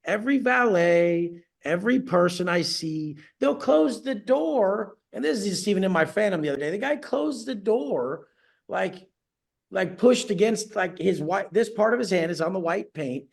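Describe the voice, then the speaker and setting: A man's voice: sits high, animated, normal speed, creaky. A man coaching clients on a video call, ranting bluntly and profanely, boasting as he goes.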